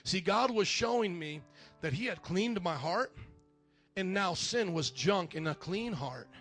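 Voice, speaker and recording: A man preaching a sermon in church, animated and acting out quoted voices, shouting at times. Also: sits high, unhurried, faint music behind.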